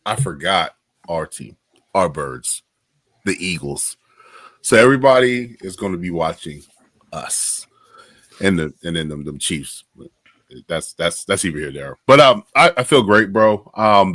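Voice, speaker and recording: A man with a low voice co-hosts a casual sports fan podcast, excitable and animated, using casual slang as he tells stories. The recording is dry, with no room sound. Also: measured pace, no echo. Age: adult. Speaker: podcast co-host.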